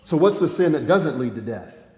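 Speaking at normal speed with big pitch swings, the man preaching has a slightly high, darkish voice. As pastor, he pleads earnestly and reads scripture with emphasis, captured in an echoey hall on a dull lo-fi recording with faint ambience.

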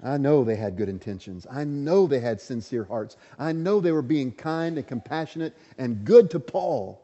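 Male pastor, earnest sermon, mellow tone, dull reverberant recording. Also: medium pitch, animated, normal speed. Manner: earnest, emphatic, asks the congregation questions.

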